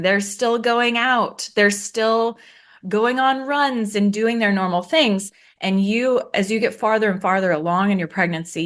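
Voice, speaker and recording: A candid woman in her thirties talks through a personal story at an ordinary middle pitch. She is frank and plain-spoken, and her voice leaps up whenever she acts out what someone else said. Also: fairly bright tone. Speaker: guest.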